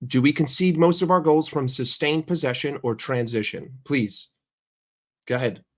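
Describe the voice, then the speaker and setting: Speaking at a moderate pace in a medium pitch, a young man livestreams a rant about his football team. He's profane, heated and argumentative, cursing a lot and peppering his chat with questions.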